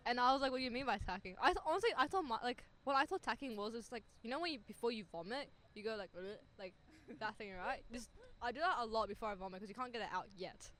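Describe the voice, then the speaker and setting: A woman's voice: on the high side, fast talker, a bit bright. A young woman, co-hosting a casual student podcast and rambling through stories with lots of fillers. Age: young adult. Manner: rambling, filler-heavy storytelling. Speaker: podcast co-host. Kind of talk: casual chat.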